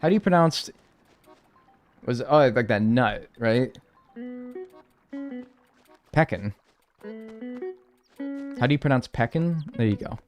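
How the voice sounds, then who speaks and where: Male streamer, casual and jokey, swears freely, soft music underneath. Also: mid-range voice, normal speed. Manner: playful, bantering with chat, swears, mock-outraged. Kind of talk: casual live-stream chat.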